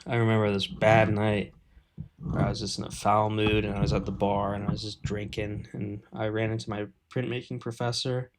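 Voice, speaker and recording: Brief: man in his 30s, slightly low voice, loose rambling live-stream artist chat. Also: flat delivery, normal speed, a loud crowd. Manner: rambling, filler-heavy, self-deprecating.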